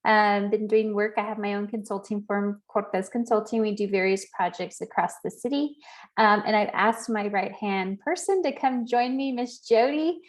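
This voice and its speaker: A woman's voice: mid-range voice, moderate pace. A woman consultant giving a cheerful self-introduction in an online meeting. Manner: cheerful, laughing. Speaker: public engagement consultant.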